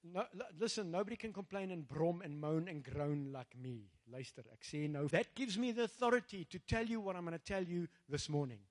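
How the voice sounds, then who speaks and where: A man's voice: fairly high pitch, lively intonation, a little fast, hardly any pauses. A man with a South African accent preaching a rousing sermon, calling out to the congregation and slipping into Afrikaans phrases. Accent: South African English. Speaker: pastor.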